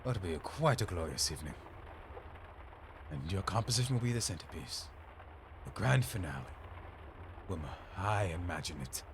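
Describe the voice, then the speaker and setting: A man voicing a refined older male mentor writing a formal letter, read slowly and formally. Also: sits low, sing-song, noisy background, pitched below the performer's own voice. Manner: slow, formal letter-reading.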